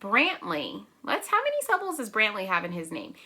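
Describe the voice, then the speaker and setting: Bright-voiced teacher talking to small children. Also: female voice, medium pitch, huge pitch swings. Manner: gentle, encouraging, checks in with "right?" and "okay?"; counts and claps out syllables slowly. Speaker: preschool teacher. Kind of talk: remote circle-time lesson for young children.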